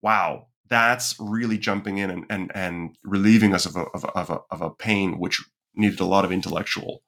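Male podcast guest, low-ish voice, animated chatter with acted-out quotes. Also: moderate pace, vocal fry. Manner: frequent restarts and fillers while thinking aloud. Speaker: podcast guest, content strategist. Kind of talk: casual conversational interview.

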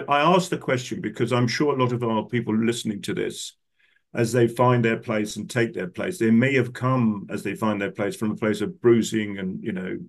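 A man's voice: fairly low pitch, gravelly. Rambling older male podcast host. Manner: rambling, searching for words, many fillers. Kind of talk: conversational interview questions.

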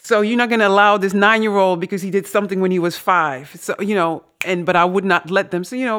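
A woman co-hosts a casual podcast conversation and tells her stories with lively energy. She acts out what other people said and laughs often as she goes, and her pitch rises and falls a lot. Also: fast, hardly any pauses. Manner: animated storyteller, laughs often, acts out quotes. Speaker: podcast co-host.

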